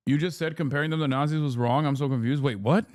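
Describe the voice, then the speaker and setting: A male host on a live stream, reacting with emphatic, profane outrage. His voice sits a bit high for a man, and the sound is dry and close with no room echo. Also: fairly even intonation, fast talker, a little mellow. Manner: heated, profane, emphatic, rhetorical questions.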